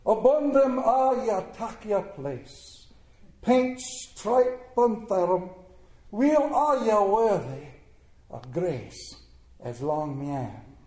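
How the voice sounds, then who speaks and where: Man doing a Scottish brogue, slow declaiming verse, high for a man, roomy echo. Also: sing-song, warm tone, heavily acted. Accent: Scottish (put on).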